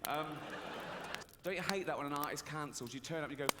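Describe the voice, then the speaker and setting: A man's voice: on the high side, expressive, a little fast. A man performing a profane, sardonic stand-up comedy routine on an arena stage. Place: large concert arena stage. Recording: arena recording with long reverb and audience noise.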